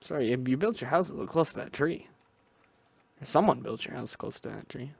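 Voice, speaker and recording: A man's voice: mid-range voice, animated, a little fast, vocal fry, darkish tone, husky, dry recording. Rambling young man musing over gameplay. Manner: rambling, self-talking, musing aloud with restarts. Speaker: gaming video creator. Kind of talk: casual gameplay commentary.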